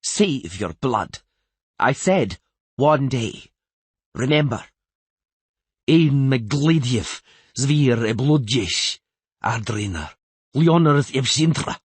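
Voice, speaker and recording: A man's voice: medium pitch, big pitch swings, unhurried, breathy edge, no echo, pitched above the performer's own voice. A man voicing an imperious older queen in an audiobook, cold and authoritative, raising his voice in anger. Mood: cold commanding.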